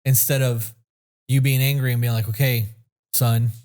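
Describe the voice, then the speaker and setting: A man's voice: mid-range voice, flat delivery, brisk, darkish tone. A man co-hosting a podcast in casual chat, blunt and rambling, swearing freely. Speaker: podcast co-host.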